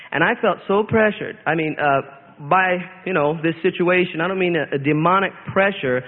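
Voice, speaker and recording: A man giving an earnest, rambling spoken testimony in church, often restarting his sentences. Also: on the high side. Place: church hall. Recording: tinny lo-fi tape in a reverberant hall.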